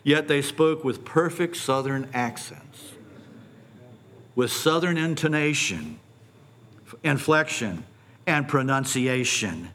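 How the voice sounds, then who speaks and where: A middle-aged man preaching a sermon, posing animated rhetorical questions and stumbling over repeated words when excited. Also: medium pitch, takes it slowly, pauses often. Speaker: pastor.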